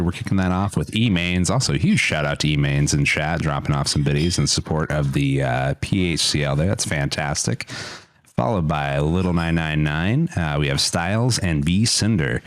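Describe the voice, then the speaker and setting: Deep-voiced, friendly esports co-caster, man. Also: expressive, moderate pace, no echo. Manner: friendly, hesitant, many restarts. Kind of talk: casual esports broadcast commentary.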